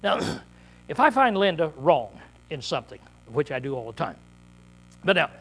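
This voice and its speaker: Man preaching kinda casual bible study, highish voice, keeps saying see? and clearing his throat. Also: sing-song, moderate pace, a bit bright. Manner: frequent "see?" tag questions, clears throat often; repetitive, restarts mid-phrase. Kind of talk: conversational Bible-study sermon.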